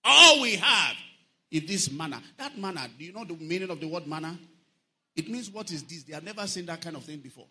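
A man preaching a lively sermon, often lifting his voice into a sing-song and asking the congregation whether they are following. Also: a little high, fast talker, a little hiss or hum. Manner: animated preaching, sing-song emphasis, asks the congregation questions.

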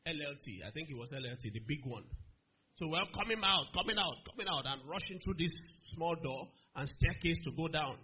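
Animated preacher, lively high voice. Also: male voice, brisk. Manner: animated, acts out dialogue in shifting voices, asks congregation questions. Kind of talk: sermon with acted-out story. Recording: slightly dull recording with faint noise.

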